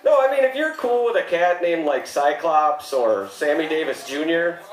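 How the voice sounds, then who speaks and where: In an echoey, spacious club with background noise, a thirtysomething comic with a slightly high male voice works his set at a moderate pace. He's animated, trading dry one-liners for bursts of mock shock on the stage mic.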